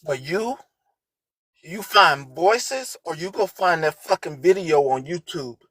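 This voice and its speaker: A woman hosting a livestream, ranting with heavy profanity and swinging between low, muttered lines and shouted outrage. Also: lively intonation, takes it slowly, husky, no echo. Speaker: livestream host. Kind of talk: heated livestream rant.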